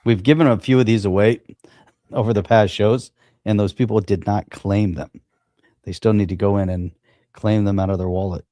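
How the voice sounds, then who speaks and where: A man's voice: fairly low pitch, steady tone, moderate pace, dark tone, no echo, clean studio sound. A man co-hosting a livestream in easygoing casual chat. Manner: easygoing, running a giveaway. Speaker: livestream co-host.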